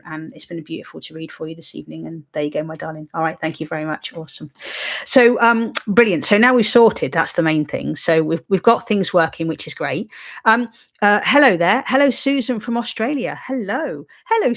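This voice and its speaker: A woman hosting a live-streamed psychic reading, talking in a chatty, reassuring, rambling way, with lots of fillers and frequent "okay?" check-ins. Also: lowish voice. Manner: filler-heavy, rambling delivery. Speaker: psychic medium host.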